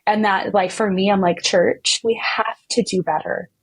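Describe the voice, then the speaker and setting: A woman with a breathy, slightly husky voice talks as a podcast guest, speaking earnestly and with conviction. She pitches her voice up sharply when she quotes other people, so her delivery feels animated and personal. Her voice sits in a middle range for a woman. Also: moderate pace, rough recording. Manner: faith-centered, speaks with conviction. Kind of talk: candid conversational interview.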